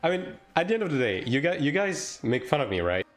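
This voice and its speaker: A fast-talking man with a fairly high, sing-song voice streams a game live over soft background music. He chats casually with viewers, swearing freely while playing.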